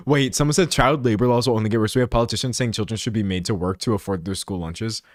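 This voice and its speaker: Young guy live streaming, lowish voice, dry close sound, laughs a lot and rambles. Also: fast, dry recording. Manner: animated, laughs often, rambling asides. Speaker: streamer host. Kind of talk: casual live-stream commentary. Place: room indoors, siren outside at times.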